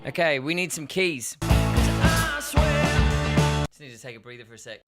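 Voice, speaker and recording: A man's voice: a little high, wildly swooping pitch, unhurried. A tired man chatting casually on a live stream while he records a song in a home studio, joking at his own expense and swearing often. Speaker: musician streaming a songwriting session. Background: loud music from the track being recorded.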